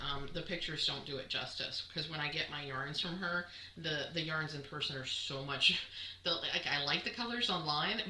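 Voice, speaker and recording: A woman's voice: sits low, pushed and bright. A woman hosting a knitting podcast, chatting casually and rambling with many ums as she shows off yarn to the camera. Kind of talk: casual show-and-tell chat. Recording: echoey room with clear background noise.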